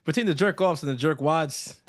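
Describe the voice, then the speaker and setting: A man's voice: a little high, brisk. A man co-hosting a fan talk show in casual chat, opinionated and full of loose slang. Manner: opinionated, loose slang, talks through his points.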